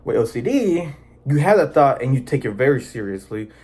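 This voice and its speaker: A man's voice: medium pitch, big pitch swings, fairly quick, darkish tone, husky. A man talking casually and earnestly to his viewers, rambling with many fillers and restarts. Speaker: vlogger sharing personal experience. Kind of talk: casual personal talk to camera.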